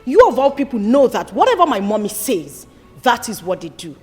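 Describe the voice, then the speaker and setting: A woman's voice: on the high side, sing-song, faint music behind. An actress with a Nigerian accent playing a fiery grown daughter who scolds her family after her father's death. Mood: pleading. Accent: Nigerian English. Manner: scolding, sharp, rapid accusations. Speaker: actor. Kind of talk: Nollywood film acting.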